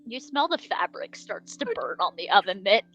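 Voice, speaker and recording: A woman narrating a tabletop role-playing game as game master, animated and laughing often. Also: mid-range voice, normal speed, soft background music, rough recording.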